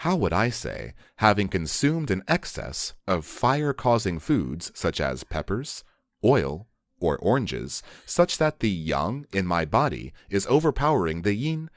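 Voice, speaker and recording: A man's voice: low voice, dry recording, clean studio sound, full character voice. A man voicing a grandiose male TV quiz show host, announcing questions with game-show flair.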